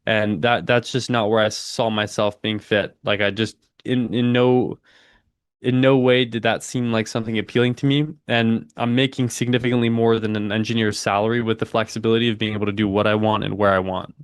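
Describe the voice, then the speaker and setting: A man's voice: on the low side, level tone, fairly quick, clear, resonant tone, no room sound, studio quality. A young man in his twenties hosting a live trading stream, chatting casually in slang, saying "dude" a lot and answering chat while calling the market. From United States. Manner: laid-back slangy, says "dude" a lot, reads chat aloud. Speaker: livestream trading host.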